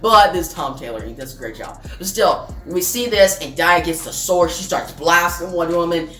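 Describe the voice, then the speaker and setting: A man's voice: on the high side, moderate pace, fairly bright tone, far from the mic. Rambling young man recorded in a roomy space. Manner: rambling retelling full of "like" and "pretty much". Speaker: comic book reviewer. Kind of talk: casual review vlog. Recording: roomy, off-mic with faint music.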